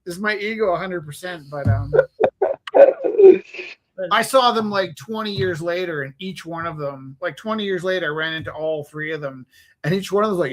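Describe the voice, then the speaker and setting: A man's voice: high-pitched, a little fast, fairly bright tone. A man in his forties hosting a casual chat, telling earnest stories and acting out what people said. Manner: earnest storytelling, acts out quoted lines. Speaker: host.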